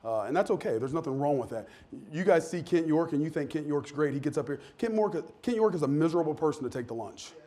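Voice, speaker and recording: A man preaching a casual, candid sermon to his church, with frequent restarts and lively asides. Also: a little high, fast, few pauses. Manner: candid, self-deprecating, animated with many restarts. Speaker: pastor. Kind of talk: conversational sermon. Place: church sanctuary.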